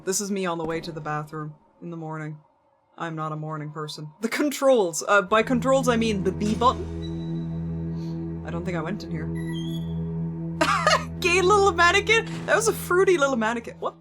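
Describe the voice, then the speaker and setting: A woman with a mid-range, fairly bright voice provides live commentary while streaming a horror game. She chats and jokes, swears casually, and talks to the game's characters.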